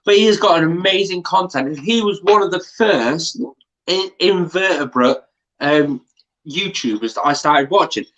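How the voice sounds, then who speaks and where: A man's voice: a little high, expressive, moderate pace, a bit bright, highs cut off. A drunk man with hiccups, a guest on a livestream, chatting in a rambling and enthusiastic way. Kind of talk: casual livestream chat.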